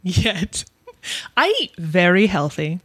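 A woman's voice: on the low side, expressive, takes it slowly, breathy edge, dry recording. A young adult woman co-hosting a casual podcast chat, with dry, wry remarks. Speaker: podcast co-host.

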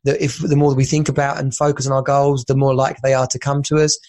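A man's voice: medium pitch, little pitch movement, fast, darkish tone. A man hosting a podcast, chatting casually and rambling as he searches for words. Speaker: podcast host. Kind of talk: casual interview chat.

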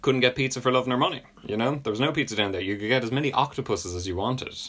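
A man's voice: mid-range voice, fast talker, a bit bright. A British man in a casual comedic chat, rambling through self-deprecating stories. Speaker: podcast co-host.

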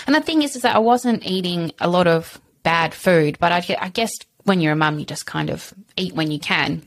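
A woman's voice: fairly low pitch, moderate pace. A woman, a podcast guest telling her story frankly, full of fillers. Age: 30s. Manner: chatty, frank, lots of fillers. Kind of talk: candid personal interview.

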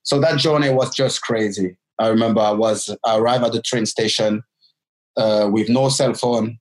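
A man, in his forties, tells a story from his own life. He talks casually and haltingly, restarting and filling his sentences as he goes. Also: mid-range voice, poor audio. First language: French. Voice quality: halting, with many restarts and fillers.

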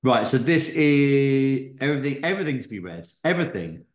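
A man's voice: mid-range voice, big pitch swings, a little fast. Easygoing man, echoey room. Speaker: podcast host reading a story. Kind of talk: casual chat.

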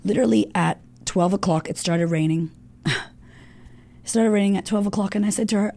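A woman's voice: mid-range voice, brisk, vocal fry, mellow. A woman guest in an interview, telling a personal story casually and candidly, swearing often and filling her talk with "like".

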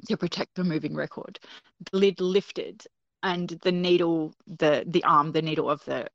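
A woman with a low voice, a guest on the show, tells a personal story in a casual, spoken way. She's animated, acts out the voices of the people she quotes, and laughs often. The lo-fi recording sounds dull and dry, with no echo.

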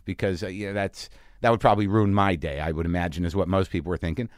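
A man hosting a podcast, telling a story in a casual, animated way and acting out the people in it. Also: fairly low pitch, quick pace, no room sound, clean studio sound. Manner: animated, acts out the people in his stories. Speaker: podcast host. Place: home garage studio.

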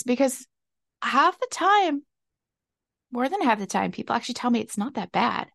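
A woman's voice: on the high side, big pitch swings, normal speed, vocal fry, pauses often, no echo, clean studio sound. A young woman hosting a solo podcast, talking candidly and reflectively, often laughing at herself. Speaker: podcast host. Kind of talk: casual solo podcast talk.

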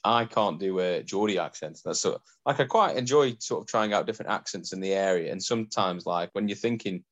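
Male podcast co-host, lowish voice, laid-back, quick to laugh. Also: dull audio. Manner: relaxed, laughs easily, short agreeing replies. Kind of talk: casual podcast chat.

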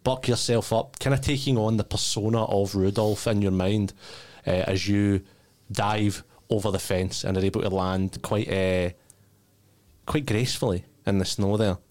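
Deep-voiced male GM, loose and chatty scene-setting. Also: normal speed. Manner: descriptive, relaxed, many fillers. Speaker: game master. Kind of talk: narrating a tabletop game.

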